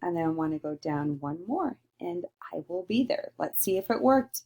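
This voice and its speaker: A woman teacher giving a recorded lesson to young children, slowly sounding out letters and praising answers. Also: on the low side, animated, dark tone. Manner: slow, sing-song and encouraging, sounding out letters.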